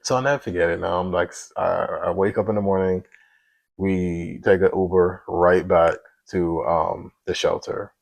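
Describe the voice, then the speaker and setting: A man's voice: low-pitched, fairly even intonation, moderate pace, creaky, no echo, rough recording. A man telling his own story as a single father in a casual, emotional, conversational way with some slang. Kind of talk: casual spoken testimony.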